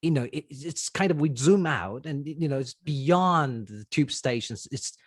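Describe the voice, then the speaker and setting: A host asks questions in a lively, sing-song way, the pitch rising and falling a lot. The voice is slightly husky and sits close to the mic in a dry, dead room. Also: a little slow, dry recording. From Taiwan. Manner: curious, encouraging, laughs along. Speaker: podcast host, interviewer. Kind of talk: casual interview chat.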